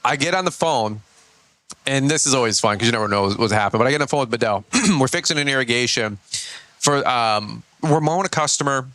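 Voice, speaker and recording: A man's voice: medium pitch, fast, no echo. A man, a small business owner and podcast guest, telling stories in a casual, slangy way. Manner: animated storyteller, slangy. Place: Michigan.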